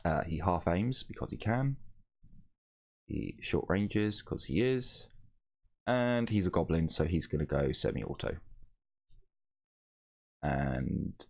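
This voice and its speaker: A man with a very low, deep voice runs a tabletop game over a voice call. He talks casually, stops and starts, and keeps correcting himself as he narrates. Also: expressive, darkish tone. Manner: casual, halting, with frequent ums and self-corrections. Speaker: game master.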